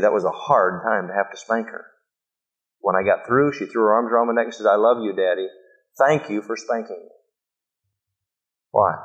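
A middle-aged man preaching a sermon as pastor, telling family stories in a folksy way and acting out what he said to his children. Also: fairly low pitch. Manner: folksy storytelling, acts out dialogue with his children. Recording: muffled lo-fi recording.

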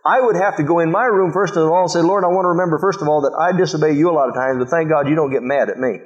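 A man's voice: fairly high pitch, rapid-fire. A middle-aged man preaching a sermon as pastor, telling family stories in a folksy way and acting out what he said to his children. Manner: folksy storytelling, acts out dialogue with his children. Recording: muffled lo-fi recording.

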